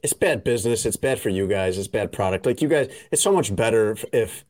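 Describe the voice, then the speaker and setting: A man's voice: fairly low pitch, expressive, brisk, a little mellow, no echo, clean studio sound. A man hosting a podcast in casual banter, rambling and joking with lots of "like" fillers. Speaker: podcast host.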